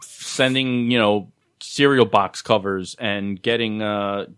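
A man's voice: on the low side, slow pace, fairly bright tone, smooth. Rambling, cursing man in casual chat. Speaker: podcast co-host.

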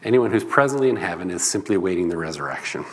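A man's voice: low voice, expressive, very fast, long reverb tail. A man preaching a sermon in a loose, conversational teaching manner. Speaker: pastor.

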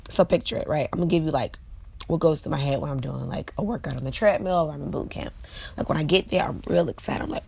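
Low, gravelly-voiced woman in her late twenties. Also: quick pace. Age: late 20s. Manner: chatty, frequent fillers, talks to viewers directly. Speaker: vlog host. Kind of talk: casual motivational vlog monologue.

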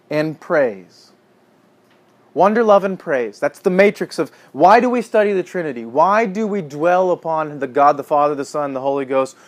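A man leads a teaching sermon in a relaxed, conversational way. He speaks earnestly, rising to emphatic bursts and then sinking to a quiet hush. His voice sits at a middle pitch. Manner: earnest, animated, swings from emphatic to hushed. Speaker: pastor or Bible teacher.

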